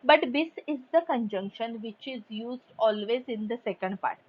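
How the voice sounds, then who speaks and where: A woman's voice: fairly high pitch, a little hiss or hum. Woman teaching German grammar, lo-fi. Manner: reads German examples, then explains slowly in English. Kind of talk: grammar lesson explanation. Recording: dull lo-fi recording.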